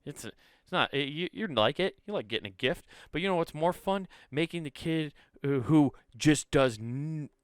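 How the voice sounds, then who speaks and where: A man hosting a comedy podcast, telling a rambling, profane story and jumping into animated voices for quotes. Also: medium pitch, clean tone, dry recording, clean studio sound. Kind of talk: casual comedic monologue.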